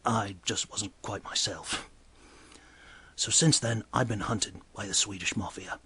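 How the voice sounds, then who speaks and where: A man voicing a quiet, secretive male scientist who speaks in flat, hushed whispers. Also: lowish voice, measured pace, breathy edge, heavily acted. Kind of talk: comedic character monologue.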